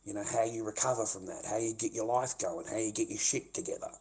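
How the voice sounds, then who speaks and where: A man's voice: on the low side, fast talker, darkish tone, slightly rough. An Australian man livestreaming a confrontational rant, swearing often and repeating himself as he talks to the camera. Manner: confrontational, profane, repetitive.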